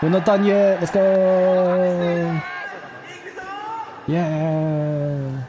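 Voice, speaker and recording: A man's voice: high-pitched, little pitch movement, very slow. Laughing man over a roaring crowd. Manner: chuckles often, rambling with restarts. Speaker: channel host. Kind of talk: casual commentary over event footage. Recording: loud event crowd and noise behind.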